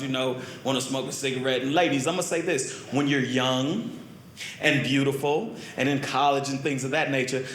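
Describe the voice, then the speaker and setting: A man doing a stand-up comedy routine, telling stories animatedly, swinging from loud yelps to low mutters. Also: a little hiss or hum. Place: comedy club stage. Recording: roomy live stage sound with crowd. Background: laughing audience.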